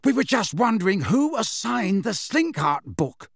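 This is a cheeky teenage prankster from a storybook, voiced by a man reader. He talks in a breezy, mocking way, with a lively, bouncing pitch. The sound is dry and close. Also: normal speed, no room sound. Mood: teasing. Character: teasing teenage twin boy, cheeky prankster.

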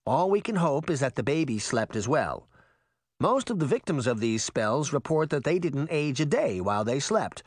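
A man's voice: medium pitch, sing-song, moderate pace, dry recording, studio quality. A man voicing a kindly, practical middle-aged nurse who explains things plainly, in a storybook reading. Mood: explaining. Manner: explanatory, matter-of-fact.

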